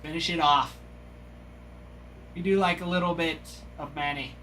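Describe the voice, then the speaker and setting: A man hosting a live trading card break, giving excited, gushing commentary as he reveals each card. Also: fairly high pitch, moderate pace, slight background noise.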